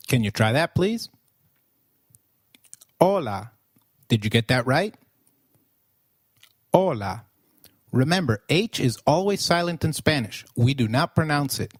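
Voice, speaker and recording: A man with a medium pitch teaches a beginner lesson, speaking slowly and clearly and pausing so listeners can repeat after him. His voice is recorded close and dry, with almost no room sound. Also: dry recording. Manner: slow, clear instructional delivery with pauses for repetition. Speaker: language teacher. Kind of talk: scripted language lesson.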